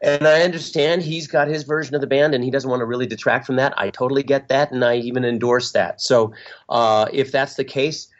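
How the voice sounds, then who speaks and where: A man's voice: mid-range voice, level tone, fairly quick, muffled recording. A middle-aged man being interviewed as a musician guest, talking in a reflective, openly sentimental way with easy fillers. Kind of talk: interview conversation.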